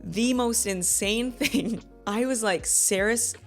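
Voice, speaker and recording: A woman in her thirties hosting a casual book club video, retelling the chapters in a gushing, animated way with quoted asides. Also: fairly high pitch, slow, soft background music. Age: 30s. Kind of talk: casual book review chat.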